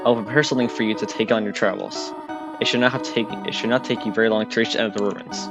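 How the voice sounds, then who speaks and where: A man reading the lines of a gentle motherly goat-woman caretaker from a game in his own low voice, formal and unhurried, not doing a voice. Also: fairly even intonation, lo-fi sound, natural voice. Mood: kindly. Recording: game music underneath.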